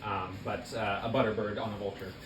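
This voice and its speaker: A game master narrating a tabletop game, pausing often with fillers as he describes the action. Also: sits low, level tone, echoey room, very noisy. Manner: halting, many fillers while describing.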